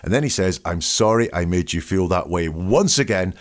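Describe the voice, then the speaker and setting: Lowish man doing analytical commentary. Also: expressive, moderate pace. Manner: emphatic, dissecting phrases word by word. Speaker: host analysing language.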